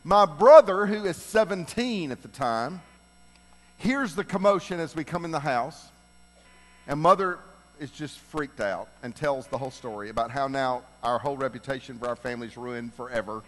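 A man's voice: mid-range voice, normal speed. Middle-aged man telling stories in a hall. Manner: animated, builds to loud laughing punchlines. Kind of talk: humorous personal storytelling. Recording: long reverb of a large hall.

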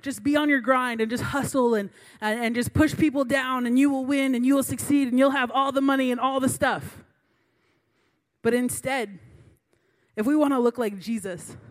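A woman in her late twenties, a youth pastor, giving a sermon in a chatty storytelling way with many fillers. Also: fairly high pitch.

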